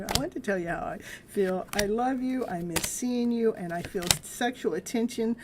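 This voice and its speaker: A woman's voice: a little high, normal speed, darkish tone, a little hiss or hum. A middle-aged woman hosting a casual live-stream tarot reading, chatting loosely with viewers and laughing often. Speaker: live tarot reader and host.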